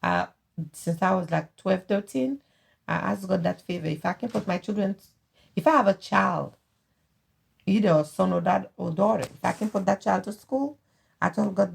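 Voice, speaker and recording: A middle-aged Haitian woman with a Haitian accent, talking earnestly and haltingly as a guest in a family interview. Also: medium pitch, gravelly, husky. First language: Haitian Creole. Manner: earnest, halting, repeats phrases. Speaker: guest, host's mother.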